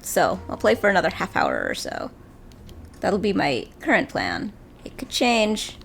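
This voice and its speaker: A woman's voice: mid-range voice, huge pitch swings, measured pace, gravelly, soft background music. A woman giving casual gameplay commentary, chatting away and talking to the characters on screen. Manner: chatty, talks to game characters. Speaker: video game player.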